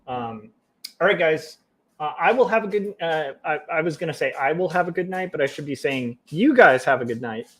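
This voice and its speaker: A man chatting to his stream audience as he draws, in a fairly high voice. He rambles in an easy, wry way and pokes fun at himself. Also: animated, normal speed, fairly bright tone. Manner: wry, self-mocking, drifting into jokey quoted voices. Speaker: livestreaming comic artist. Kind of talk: casual chat to viewers while drawing.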